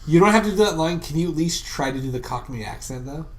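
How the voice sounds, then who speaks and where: A young man co-hosting a podcast, excitable and teasing, who swears constantly. His delivery swings between loud bursts and mumbled asides. A faint hiss runs under the recording. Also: a little high, quick pace. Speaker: podcast co-host. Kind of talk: casual podcast chat.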